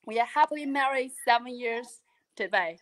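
A woman, a guest on a live video interview, telling stories in an animated, earnest way with many restarts. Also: on the high side, moderate pace. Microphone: video call.

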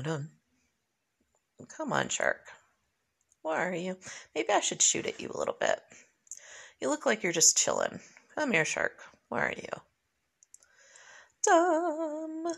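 Chatty gamer woman, kinda high voice, bit of fry, jokes and mutters while she plays. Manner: chatty, jokey, mutters to herself. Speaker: gamer recording a playthrough. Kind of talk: casual gameplay commentary.

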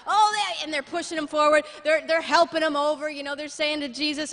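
A woman pastor preaching a sermon in a church, lively and humorous, with asides to the congregation. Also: sits high, a little fast, few pauses, big-room sound. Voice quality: blind, jokes about herself.

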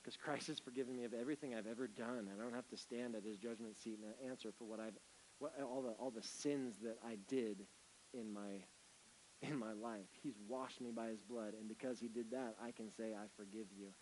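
A man preaching a sermon as pastor, swinging from loud, emphatic bursts to hushed, gentle lines. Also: mid-range voice, fairly even intonation, a little fast, a little hiss or hum, low-quality recording.

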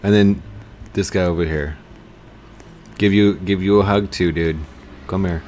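In a casual let's-play, a young gaming YouTuber with a low-pitched voice speaks unhurriedly yet excitably, yelling at other players before saying sorry and laughing often. There's a little hiss or hum on the recording.

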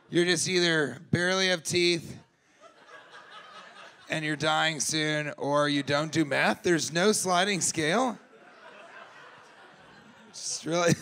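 A man doing improvised stand-up crowd work, teasing people in the audience, laughing often and shouting out punchlines. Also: fairly high pitch, creaky. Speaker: stand-up comedian. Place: live comedy club.

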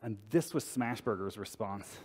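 A man's voice: on the low side, animated, moderate pace, a crowd in the background. Wry man telling a story in a reverberant hall. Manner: casual, wry, acts out quotes. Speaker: conference speaker. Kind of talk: humorous storytelling talk. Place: conference hall. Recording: long reverb in a conference hall.

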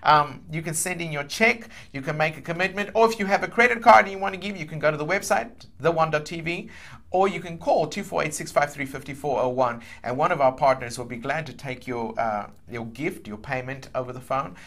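Fervent gravelly man praying over donors. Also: on the high side. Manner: declaring and decreeing, swells loud, then slows to read an address. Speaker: pastor leading a telethon prayer. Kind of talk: fervent telethon prayer and appeal.

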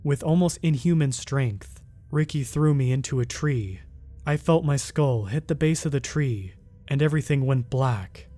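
Brief: male horror narrator, mid-pitched, steady, measured first-person storytelling. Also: soft background music.

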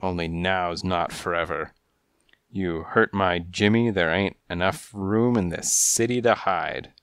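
A man voicing a menacing male gangster alley cat with a raspy voice and tough-guy street slang, in a storybook reading. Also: sits low, steady tone, measured pace, fairly bright tone, no echo, studio quality. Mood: threatening.

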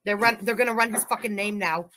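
A woman's voice: medium pitch, quick pace, bright, forceful tone, slight background noise. Profane Montreal Anglophone woman streamer. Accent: Montreal Anglophone, west side. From Montreal, Quebec. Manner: blunt, profane, sarcastic. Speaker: streamer reacting to a livestream. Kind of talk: casual commentary.

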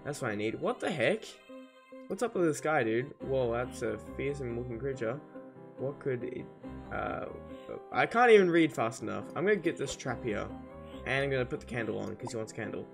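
A man hosting a gameplay video, casually thinking out loud and often sounding confused, with faint game music behind. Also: medium pitch, animated, normal speed, vocal fry. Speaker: gaming channel host. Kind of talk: gameplay commentary.

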